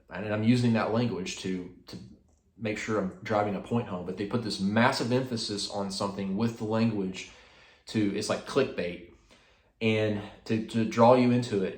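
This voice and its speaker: A man's voice: fairly low pitch, normal speed, reverberant. A man hosting a casual devotional talk, speaking in a rambling way with many fillers and restarts. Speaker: host.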